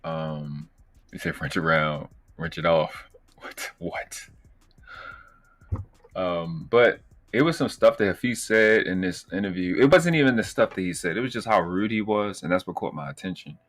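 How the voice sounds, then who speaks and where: A man's voice: low voice, big pitch swings, normal speed. A man with a Baltimore accent hosting a live stream, talking loose and profane, rambling with slang. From Baltimore, USA. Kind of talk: casual live stream commentary.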